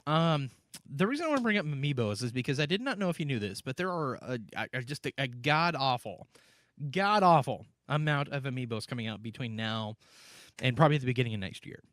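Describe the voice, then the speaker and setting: Animated joking Midwestern man. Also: mid-range voice, fairly quick, no echo, clean studio sound. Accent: American Midwestern. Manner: animated, jokey, swears and does mock voices. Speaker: podcast co-host. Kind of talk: casual chat.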